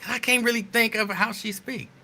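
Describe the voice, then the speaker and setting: A man hosting a talk show, delivering a sarcastic, animated monologue that riffs on the news. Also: very high voice, brisk. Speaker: show host.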